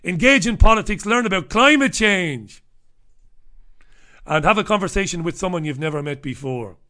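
With lively intonation, a moderate pace, and a sharp, high-pitched voice, a middle-aged Irish radio host rambles through a checklist. It's a casual comic monologue full of irreverent, profane humor and free swearing.

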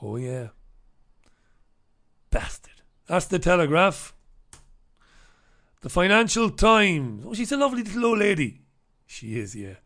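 A man's voice: sits high, big pitch swings, measured pace, long pauses, sharp tone. A man hosting a talk show, delivering a sarcastic, combative monologue and reviewing the papers, swearing freely. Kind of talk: ranting monologue and newspaper review.

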